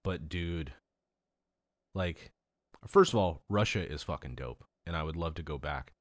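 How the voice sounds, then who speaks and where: A man with a very low voice tells travel stories in loose, profane casual chat. He rambles, laughs often, and sounds dry and close to the mic. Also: lively intonation, measured pace, no room sound. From Los Angeles.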